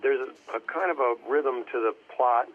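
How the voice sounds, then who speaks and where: A man chatting casually on a commentary track, rambling and halting as he searches for his words, heard over a phone line. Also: medium pitch. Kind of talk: casual chat.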